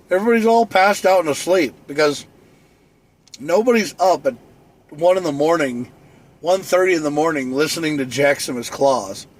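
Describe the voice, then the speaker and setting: A man rambling and joking alone on a late-night live stream, in a boastful, easygoing way. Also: fairly high pitch.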